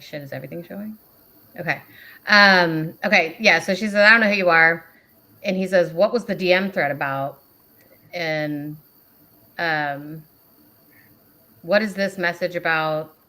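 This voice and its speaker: A woman's voice: deep voice, normal speed, pauses often. A woman hosting a casual livestream who reads out a message exchange and laughs often as she retells it. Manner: laughs often while reading, animated retelling. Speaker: host reading out a message exchange.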